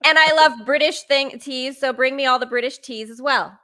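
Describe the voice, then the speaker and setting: A bubbly woman co-hosting a casual podcast chat. Her voice is bright and a little high, and she talks with playful enthusiasm. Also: normal speed. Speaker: guest co-host.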